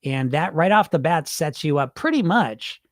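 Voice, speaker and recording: A man's voice: fairly high pitch, moderate pace, no room sound, studio quality. A man hosting a weight-loss podcast, talking bluntly and emphatically with frequent swearing. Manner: blunt, profane, animated and emphatic. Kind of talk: unscripted podcast monologue reading listener comments.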